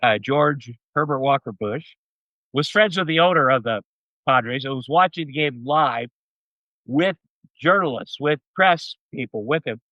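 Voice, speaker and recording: A man in his sixties spins a loose, rambling story as a podcast guest. He restarts sentences and leans on "uh" and "you know," and his mid-pitched voice sounds dry. The recording is a little dull and muffled. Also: lively intonation, unhurried, pushed and bright, no room sound. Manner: rambling anecdotes with many fillers. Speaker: interview guest. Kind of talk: casual storytelling. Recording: dull, slightly muffled audio.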